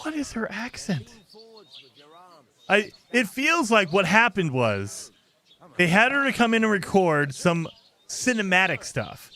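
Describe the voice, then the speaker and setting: A man's voice: high voice, sing-song, a little slow, pauses often, sharp tone. A man hosting a let's-play, commenting casually and with exasperation over the game, often laughing. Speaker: gaming channel host.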